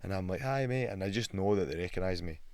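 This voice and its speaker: A Scottish man in his thirties, a guest on a podcast, telling lively stories in casual chat, swearing freely and acting out the voices of people he meets. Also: low-pitched, fast talker, gravelly, no echo. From Scotland. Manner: animated storyteller, swears a lot, acts out quotes. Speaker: guest, pro fighter.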